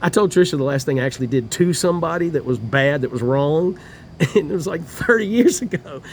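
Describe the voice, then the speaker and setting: A man's voice: on the high side, expressive, fairly quick, slight background noise. A middle-aged man in a homeless shelter, ranting bitterly and profanely, laughing through his grievances. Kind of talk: profane personal rant to camera.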